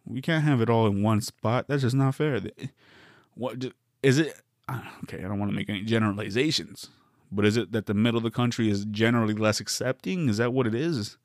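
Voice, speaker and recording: A man's voice: lowish voice, fairly quick, dry recording, studio quality. A man from the West Coast, hosting a solo podcast, riffing through a meandering, wry comedic monologue with many self-interruptions.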